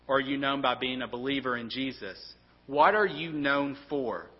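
A man's voice: medium pitch, normal speed. An earnest male pastor delivering a sermon, often tripping over and repeating his words. His voice carries a long reverb, as if from a large hall. The sound is slightly dull and muffled.

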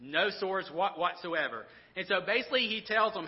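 High-voiced man preaching in a reverberant hall. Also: moderate pace. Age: 30s. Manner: conversational, animated storytelling with many restarts. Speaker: pastor. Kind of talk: sermon. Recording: dull sound with long hall reverb.

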